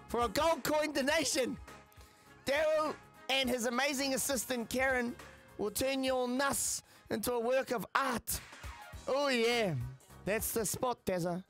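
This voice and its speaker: A man hamming up a booming New ad announcer. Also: fairly bright tone. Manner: booming, hammy sales pitch. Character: over-the-top male TV ad announcer.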